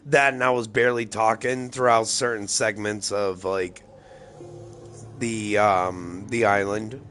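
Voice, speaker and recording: A man's voice: fairly low pitch, fairly even intonation, unhurried, fairly bright tone, soft background music. A man rambling loosely and profanely through casual gameplay commentary, tipsy and slightly slurring his words. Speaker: gaming streamer.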